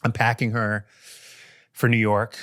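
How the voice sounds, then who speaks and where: A man's voice: on the low side, measured pace, no room sound, clean studio sound. A man guest-hosting a casual show, telling a long, profane story and acting out the people in it. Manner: animated, profane storytelling with quoted voices. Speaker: guest co-host.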